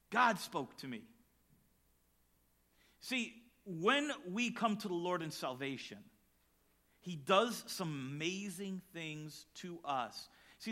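A middle-aged male pastor preaching, telling a personal story with lively acted-out voices and then reading scripture aloud. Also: a little high. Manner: animated storytelling, acts out shouts and voices.

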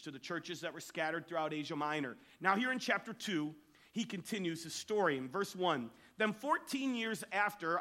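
Male pastor, high bright voice, emphatic sermon delivery. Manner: emphatic storytelling preacher.

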